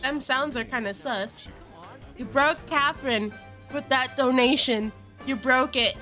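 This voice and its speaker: A woman's voice: high-pitched, a little slow, pushed and bright, faint music behind. A woman streaming a game live, chatting casually with her viewers in a giggly, flustered way and laughing often.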